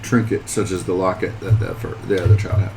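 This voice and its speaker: A man playing a tabletop game, asking quick questions and joking with the table in casual chat. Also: deep voice, steady tone, a little mellow, slight background noise. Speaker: player.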